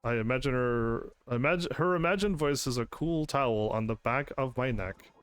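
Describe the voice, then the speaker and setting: A man's voice: mid-range voice, normal speed, a bit bright, clear, resonant tone, no room sound. A man streaming a game who chats to his audience, laughs often, and reads the game's narration aloud. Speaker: gaming streamer. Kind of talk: casual game commentary.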